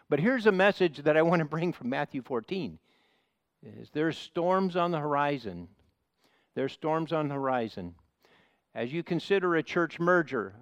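A man's voice: fairly high pitch, no echo, dull audio. Nasal Midwestern American man preaching. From Ohio, United States. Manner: earnest, repetitive, with frequent uhs and restarts. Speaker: visiting pastor. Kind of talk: sermon.

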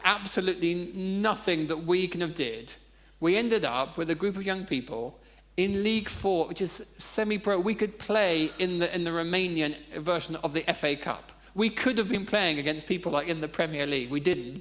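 A man's voice: high voice, normal speed, a bit bright. A man preaching a sermon, telling funny personal stories in a conversational way. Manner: conversational, humorous storytelling.

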